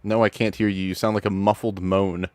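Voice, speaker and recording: A lowish male voice hosting a live stream, talking casually and excitedly. He stammers and restarts and swears freely. The sound is close and dry. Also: a little fast, no echo. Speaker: streamer host judging videos.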